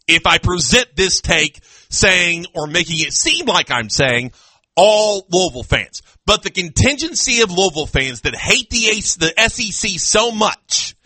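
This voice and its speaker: Bright, lively male sports radio host. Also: high-pitched, breathy edge, no echo. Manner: animated, loud ranting with frequent laughs. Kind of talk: sports talk radio banter. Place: radio studio.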